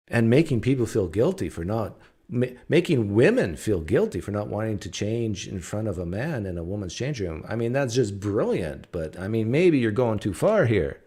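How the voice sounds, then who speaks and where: A man's voice: lowish voice, sing-song, normal speed, a little mellow. A man hosting a call-in show, chatting casually and with amusement, with loose phrasing and fillers. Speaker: host. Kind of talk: casual commentary.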